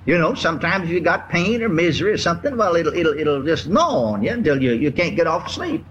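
Animated older preacher. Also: male voice, on the high side, muffled recording, slight background noise. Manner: folksy, repetitive, drawn-out emphasis. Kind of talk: sermon storytelling. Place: church before a congregation.

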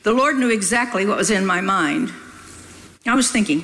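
A woman's voice: medium pitch, animated, moderate pace, a bit bright, rough recording. An older woman preaching a sermon in a folksy, emphatic way, scolding her listeners with humor.

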